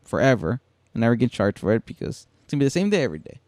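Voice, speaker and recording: A man co-hosting a podcast in a casual chat, easygoing and quick to agree. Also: medium pitch, very animated, a little mellow, dry recording, studio quality. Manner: easygoing, frequent agreeing "yeah". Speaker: podcast co-host.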